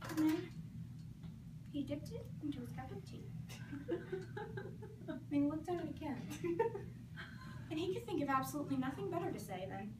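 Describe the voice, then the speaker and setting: A teenage girl from Georgia narrating a storybook tale with animated, expressive delivery at a school competition. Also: high-pitched, moderate pace, pauses often. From Georgia, USA. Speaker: competition performer. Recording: echoey room from far off, noisy.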